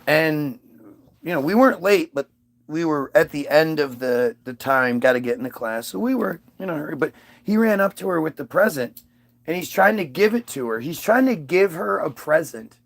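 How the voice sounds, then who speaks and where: A man's voice: a little high, expressive, moderate pace. A father casually telling a personal story, aggrieved and profane, with many restarts.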